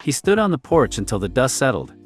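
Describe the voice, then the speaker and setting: A man reading a story aloud in a quiet, clipped, understated way. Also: mid-range voice, sing-song, fairly quick, soft background music. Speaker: narrator. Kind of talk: scripted story narration.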